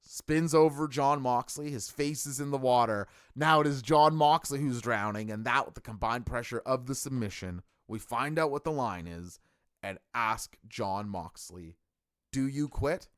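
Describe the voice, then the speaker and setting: A middle-aged man talks through a live-stream review with eager, rambling enthusiasm, full of fillers and restarts. His voice sits at an ordinary middle pitch. The sound is dry, with no room echo. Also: normal speed, clean tone. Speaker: wrestling stream host.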